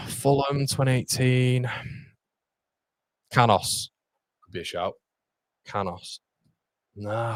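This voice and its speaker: A man chatting excitedly on a live stream, reacting to the chat and the football match as he watches. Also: medium pitch, clean tone, no room sound.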